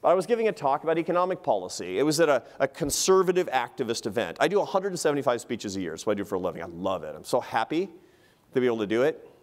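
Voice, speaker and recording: A man giving a public lecture in a hall, telling stories in an animated, humorous way. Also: medium pitch, very fast.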